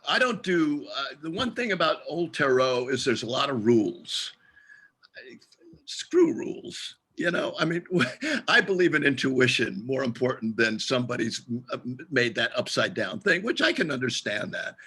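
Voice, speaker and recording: A man's voice: mid-range voice, big pitch swings, moderate pace, pushed and bright, breathy edge. A man leading a group tarot session over a video call, talking in an emphatic, playful and exhorting way.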